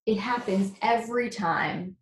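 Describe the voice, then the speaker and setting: A woman's voice: medium pitch, a little slow, close to an everyday voice. Woman playing a gloomy storybook king, grand and commanding, echoey room. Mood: glum. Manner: commanding, then mournful.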